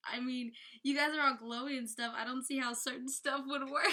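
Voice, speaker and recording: A woman's voice: high voice, steady tone, moderate pace, bright, forceful tone, slight background noise. A young woman giving a chatty, giggly book review in a casual vlog.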